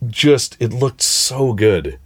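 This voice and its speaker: A man's voice: medium pitch, big pitch swings, takes it slowly, breathy edge. A man in casual podcast chat, talking enthusiastically with lots of fillers and restarts. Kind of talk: casual chat recapping a TV episode.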